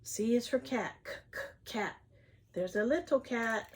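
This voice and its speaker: A woman reading an alphabet picture book aloud to young children, sounding out each letter and gasping with delight when she lifts the flaps. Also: on the high side. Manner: slow, sing-song phonics sounding out, gasps at flaps. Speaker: children's read-aloud host.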